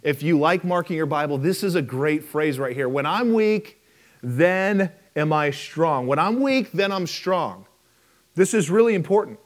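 A male pastor preaching a sermon, telling stories animatedly and acting out the people in them. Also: on the high side. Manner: storytelling, animated with impressions.

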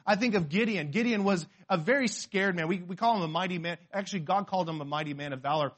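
A high-pitched, fast-speaking man from the western United States preaches as a pastor. His sermon is animated and conversational, with acted-out quotes and frequent sentence restarts.

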